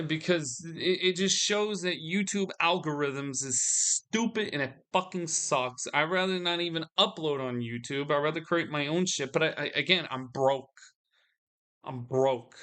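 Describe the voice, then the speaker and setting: A man's voice: on the high side, normal speed, sharp tone. A man venting to his audience in a solo video, weary and frustrated, often restarting his sentences. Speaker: vlogger.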